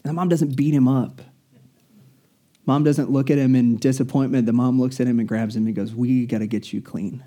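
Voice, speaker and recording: Dark-voiced, earnest male preacher. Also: medium pitch, fairly even intonation. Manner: earnest, storytelling, slows down for emphasis. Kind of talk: sermon.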